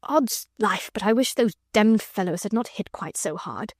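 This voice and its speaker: Woman voicing a languid aristocratic gentleman, sleepy drawl, affected, good-humoured, weak and worn out, dry close audiobook sound. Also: mid-range voice, animated, normal speed, dry recording, natural voice. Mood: weary drawl. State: weak and exhausted. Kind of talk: audiobook character reading.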